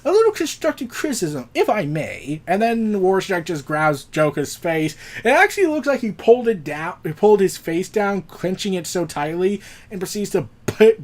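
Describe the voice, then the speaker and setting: Man, high voice, very animated pitch, casual comic recap, sarcastic asides. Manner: retells the plot, acts out quotes, adds sarcastic jokes. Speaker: comic book reviewer.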